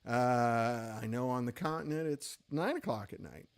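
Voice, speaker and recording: A man's voice: medium pitch, normal speed, creaky, clear, resonant tone. A tired, middle-aged man hosting a casual gear-shop livestream, chatty and rambling with self-deprecating asides.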